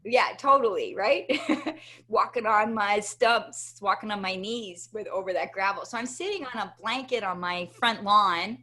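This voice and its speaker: A woman guest in an interview, telling a personal story with animated energy and often checking in with "right?". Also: medium pitch, measured pace. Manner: animated, tags many sentences with "right?". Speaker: interview guest, motivational speaker.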